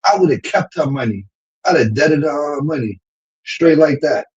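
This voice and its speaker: A man, ranting in casual livestream chat, slangy and animated, laughing often. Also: fairly high pitch, a little slow, slightly rough, dull audio. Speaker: streamer.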